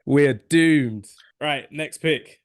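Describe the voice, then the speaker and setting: Excitable male podcast host, hoarse. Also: on the high side, extremely slow, no room sound, studio quality. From England. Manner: rambling, excitable, self-correcting. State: losing his voice. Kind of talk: casual podcast chat.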